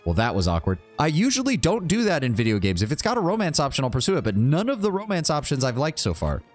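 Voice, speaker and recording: A man's voice: on the high side, huge pitch swings, quick pace, soft background music. A man casually commentating his game playthrough, blunt and chatty, swearing freely and reading dialogue choices aloud. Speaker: streamer. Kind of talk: casual let's-play commentary.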